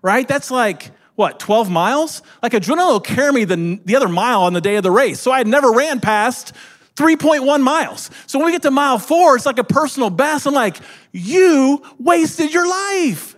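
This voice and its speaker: A man's voice: very high voice, expressive, a little fast, in a large hall. A man telling his side of a shared story to an audience, with dry, teasing interjections. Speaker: co-speaker, husband. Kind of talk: storytelling talk to a live audience.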